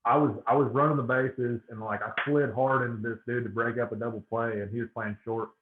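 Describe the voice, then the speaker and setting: A man guest telling swear-laden stories in a casual, animated way. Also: mid-range voice, a little fast, slight background noise. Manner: animated storyteller, swears a lot. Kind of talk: casual storytelling. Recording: tinny phone-like line with room echo.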